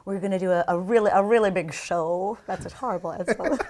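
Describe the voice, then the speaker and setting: A middle-aged woman from New Jersey, a guest performer chatting in an interview, bubbly and quick to laugh. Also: medium pitch. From New Jersey, USA. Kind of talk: casual interview chat.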